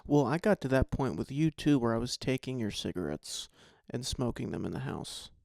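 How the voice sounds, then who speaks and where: Young man, calm, playful arguing, animated pitch, dry close sound, podcast banter. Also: moderate pace, creaky, dry recording. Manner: calm, playfully argumentative, laughs often. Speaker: podcast co-host. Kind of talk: casual chat.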